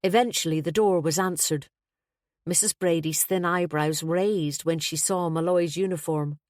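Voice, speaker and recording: A woman reading a first-person mystery novel aloud as audiobook narrator, in a steady, measured way. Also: lowish voice, dry recording, studio quality.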